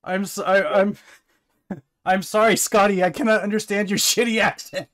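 A man's voice: high-pitched, steady tone, moderate pace, fairly bright tone. A man playing in a tabletop game, joking crudely and laughing often as he talks. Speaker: player. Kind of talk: casual tabletop role-play banter.

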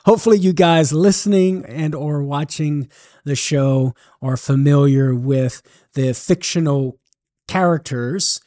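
A man's voice: on the high side, mellow. A man with a Cajun accent from southern Louisiana, a Catholic apologist hosting a radio talk show and explaining beliefs in a teacherly, storytelling way.

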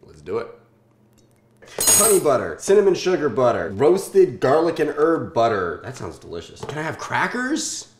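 A man in his twenties from Southern California hosting a casual food-tasting vlog, joking and swearing in deadpan asides. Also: mid-range voice, normal speed, echoey room, a little hiss or hum. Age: 20s.

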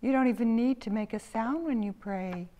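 A woman voicing a kind, gentle female storybook character who speaks approvingly and giggles. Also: on the high side, normal speed, pitched above the performer's own voice, natural voice.

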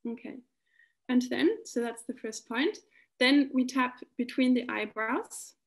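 A woman giving a calm, explanatory talk on tapping, often restarting her phrases as she guides listeners through the points. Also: sits high, slow pace, creaky, long pauses. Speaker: EFT practitioner giving a talk.

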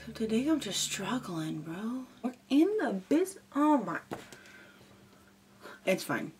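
A woman's voice: a little high, very animated, unhurried, background noise. A young woman chatting casually and goofily while doing a makeup tutorial. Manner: goofy, chatty and rambling. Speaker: beauty vlogger.

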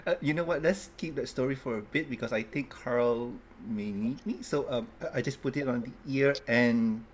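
A man's voice: medium pitch, normal speed, a little hiss or hum. A man playing a character in a tabletop role-playing game who thinks aloud and asks playful questions. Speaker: player.

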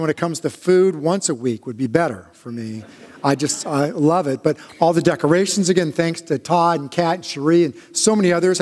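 A male pastor giving a conversational sermon, telling stories in a halting way with frequent restarts. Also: on the high side, darkish tone. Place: church sanctuary. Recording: long church reverb.

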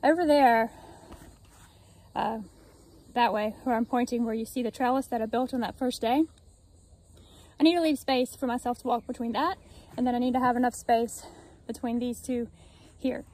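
Pausing at length between thoughts, a woman with a slightly high, slightly mellow voice talks at a moderate pace as she works in her backyard garden and explains each step to the camera. The gardening vlogger gets winded at times, and the audio is poor.

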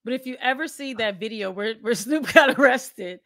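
A woman co-hosting a casual conversation, chatty and quick to laugh, filling her sentences with "like.". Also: fairly high pitch, a bit bright, no room sound, studio quality. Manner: chatty and laughs often, heavy use of "like".

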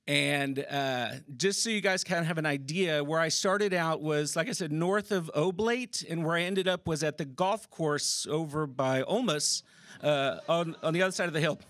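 High-voiced man telling a story on stage. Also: moderate pace, dry recording. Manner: animated, casual, swears, laughs through the story. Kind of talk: live personal storytelling. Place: theater stage before a live audience. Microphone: stage microphone.

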